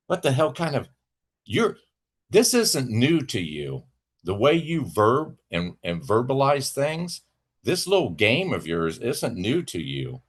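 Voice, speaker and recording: A fairly low-pitched man speaks into a livestream mic. He rants at a rival in a heated, profane, sarcastic way. His outbursts jump high and loud, then drop to low mutters. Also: very animated, unhurried. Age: adult with children. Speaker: livestream host. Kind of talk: angry rant to a rival.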